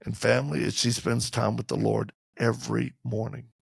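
Gravelly, husky man telling stories. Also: medium pitch, moderate pace, dry recording, clean studio sound. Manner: lively, acts out quotes in shifting voices; candid and humorous. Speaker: interview guest. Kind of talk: animated storytelling in conversation.

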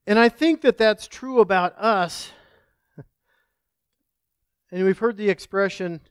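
A man's voice: sits high, moderate pace, pauses often, clean tone, dry recording, clean studio sound. A male pastor preaching a sermon, praying and telling a folksy story in an earnest manner.

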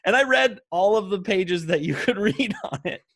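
A man's voice: sits high, expressive, moderate pace, a bit bright. Giggly, chatty man co-hosting. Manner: chatty, laughs often, self-deprecating. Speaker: podcast co-host. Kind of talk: casual chat.

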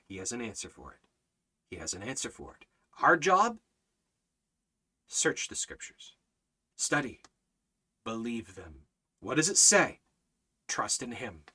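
Bright, forceful man preaching. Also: medium pitch. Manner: emphatic, repetitive preaching cadence; reads out viewer comments. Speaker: Bible study teacher. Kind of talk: livestreamed Bible study preaching.

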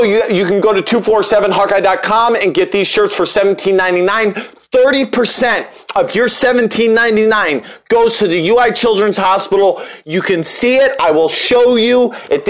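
A young man hosting a casual sports podcast, rambling and joking with lots of restarts and fillers. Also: high voice. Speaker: podcast host.

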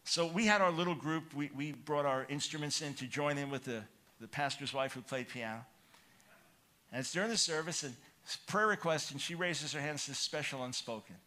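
A man preaching a sermon, telling a personal story with animated, rising excitement, then calling listeners to change. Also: fairly quick. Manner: animated storytelling, grows loud and high when excited.

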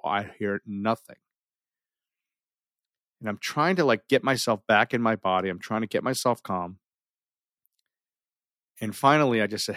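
A middle-aged man telling a personal story in an animated way, full of restarts and dramatic pauses. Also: fairly low pitch, no echo, clean studio sound.

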